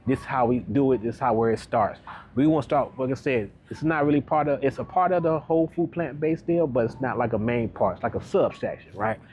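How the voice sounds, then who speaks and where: A man working as a wellness coach, talking through his shopping in casual vlog style, upbeat and chatty, checking in with the viewer with a quick "right?" as he walks the aisles of a grocery store. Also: medium pitch, a little mellow, slight background noise.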